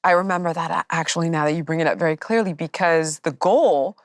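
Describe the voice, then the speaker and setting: Blunt, low-voiced woman trainer. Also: fast talker, no echo, studio quality. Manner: blunt, emphatic. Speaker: fitness trainer and host. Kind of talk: candid interview chat.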